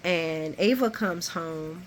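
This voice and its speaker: A woman vlogger giving a chatty, animated recap of a soap opera episode. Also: on the low side, takes it slowly, a little hiss or hum.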